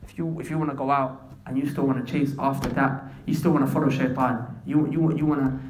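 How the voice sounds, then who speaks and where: A man's voice: medium pitch, steady tone, brisk, reverberant, slight background noise. A man preaching an impassioned street sermon, talking straight to the young men listening as brothers and slipping into slang. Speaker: Islamic preacher.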